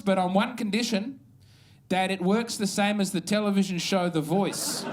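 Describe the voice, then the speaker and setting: A man's voice: sits high, noisy background. An Australian man performing a stand-up set on a comedy club stage, with a wry, meandering, self-mocking delivery.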